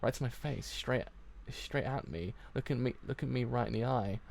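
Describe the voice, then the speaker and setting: A man with a gravelly voice reading the lines of a proud, hotheaded rich boy in loud, blustering denial. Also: mid-range voice, normal speed, slight background noise, natural voice. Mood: flustered, angry.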